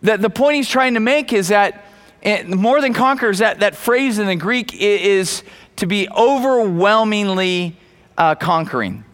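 High bright-voiced male preacher. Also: lively intonation, unhurried. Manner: emphatic, repeats key phrases, calls on the congregation. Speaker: pastor. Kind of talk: sermon.

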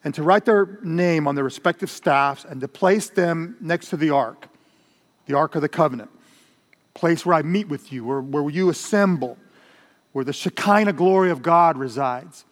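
Older man preaching, slightly high voice, conversational with Spanish asides, long hall reverb. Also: normal speed. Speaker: pastor. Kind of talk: sermon.

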